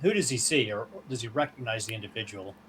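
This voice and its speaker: A man's voice: on the low side, fast talker, fairly bright tone, a little hiss or hum. Man playing a tabletop game, thinking aloud. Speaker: player. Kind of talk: casual tabletop game play.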